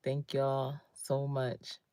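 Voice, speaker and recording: A woman's voice: extremely low pitch, completely flat delivery, very slow, dark tone, clear, resonant tone, dry recording, studio quality. A woman in her fifties, a career coach, giving an emphatic, conversational motivational talk on a livestream and greeting viewers by name. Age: 50s.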